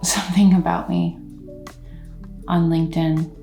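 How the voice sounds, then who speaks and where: A tired woman drawls slowly to the camera, as if half talking to herself. Her voice has a gravelly, creaky edge, and she tosses in dry jokes. Faint music sits behind her. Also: lowish voice, little pitch movement, dark tone. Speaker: actor and vlogger.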